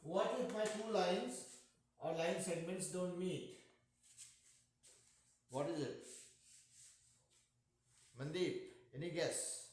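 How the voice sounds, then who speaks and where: Indian guy teaching math, kinda high voice, keeps asking yeah? lots of echo. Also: takes it slowly, pauses often, a little mellow. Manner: patient, jokey, checks in with "yeah?". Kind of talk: online class teaching. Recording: echoey room.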